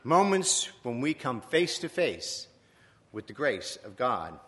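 A man from Virginia preaching a sermon in a church, reflective and conversational, with pauses and self-corrections. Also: medium pitch, big pitch swings, a bit bright. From Virginia, USA. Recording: long echoing church reverb.

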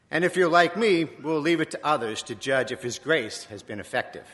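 A man from Virginia gives a sermon in a church. He talks in a reflective, conversational way and corrects himself as he goes, with a bright, forceful tone and lively swings in pitch. His voice carries a long reverb. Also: moderate pace, few pauses. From Virginia, USA. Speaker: preacher.

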